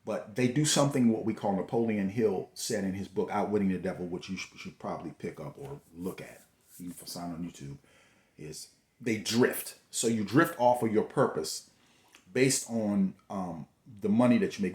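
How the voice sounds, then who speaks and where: A man's voice: lowish voice, normal speed, a little mellow. A man giving a motivational talk, preachy and repetitive, full of rhetorical questions. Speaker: host. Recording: echoey room.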